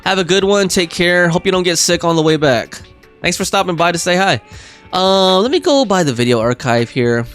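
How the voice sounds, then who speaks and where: A man's voice: high-pitched, lively intonation, moderate pace, a bit bright, smooth, soft background music. A young man streaming a game live, chatting casually and rambling with fillers and restarts.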